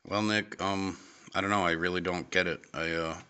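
Hesitant young man hosting, low voice. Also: normal speed, clean tone. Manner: hesitant, many ums, deadpan. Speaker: host. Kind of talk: amateur comedy podcast.

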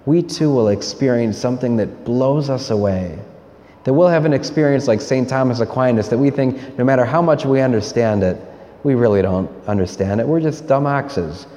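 A man, a priest, giving a homily in a university church in an earnest, plain-spoken, deliberate way. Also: mid-range voice, warm tone. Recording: reverberant church hall.

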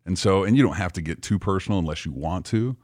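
Very deep-voiced podcast host, measured. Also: male voice, darkish tone, dry recording, clean studio sound. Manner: measured, rambling, full of fillers. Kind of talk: casual podcast interview.

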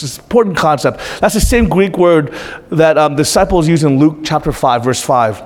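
A man's voice: fairly high pitch, long reverb tail. A man preaching as pastor in an earnest, emotional and confessional way, often asking his listeners questions. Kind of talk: sermon.

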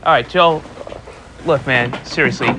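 A man's voice: mid-range voice, unhurried, close to an everyday voice. An actor playing a brash, quarrelsome man in a film scene. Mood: heated. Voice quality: brash, argumentative. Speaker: friend giving blunt advice. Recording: film clip with noisy background.

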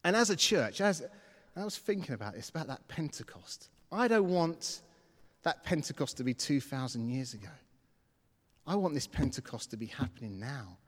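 A man's voice: medium pitch, animated, moderate pace, in a large hall. A man preaching a sermon, telling a personal story and acting out his own reactions. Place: church.

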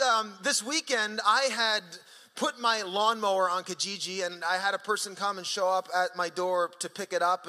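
A man preaching a sermon as pastor in a church auditorium, animated and jokey. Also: sits high. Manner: animated, jokey, raps a song line for laughs. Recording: long hall reverb with faint music.

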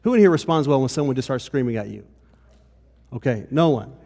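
A man's voice: mid-range voice, animated, fairly quick, mellow, breathy edge. A pastor giving a conversational sermon to his congregation, often checking in with "okay?". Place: church hall. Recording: long reverb of a hall.

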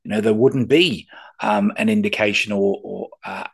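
Man, podcast co-host, husky voice, hesitant, jokey asides, casual chat. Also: on the low side, moderate pace. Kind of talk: casual chat about old TV.

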